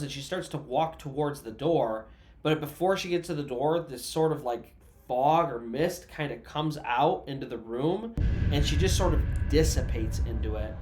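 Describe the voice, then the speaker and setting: A man's voice: a little high, fairly bright tone. A man narrating a true story in a casual, conversational way, with asides to the listener and everyday fillers.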